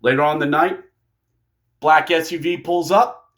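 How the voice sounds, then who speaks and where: A man narrating a fantasy wrestling storyline in a playful, excitable way. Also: on the high side, moderate pace. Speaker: wrestling fan video creator.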